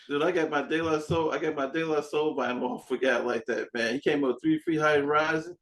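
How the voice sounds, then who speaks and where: A man hosting a podcast in casual chat, an animated storyteller who acts out dialogue and swears freely. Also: on the high side, fairly quick, low-quality recording. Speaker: podcast host.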